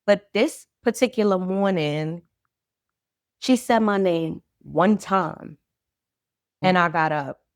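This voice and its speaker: A woman's voice: on the low side, slow pace, pauses often, no echo, clean studio sound. A woman guest on a podcast, earnestly and reflectively telling her own story of loss, faith and healing. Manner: earnest, reflective, talks through grief and faith. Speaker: guest, clothing brand founder. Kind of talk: candid personal storytelling.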